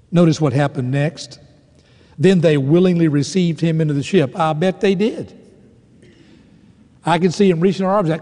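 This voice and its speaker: A man preaching a sermon, telling the story with drama, swelling loud and dropping to hushed lines. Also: fairly high pitch, expressive, measured pace, in a large hall.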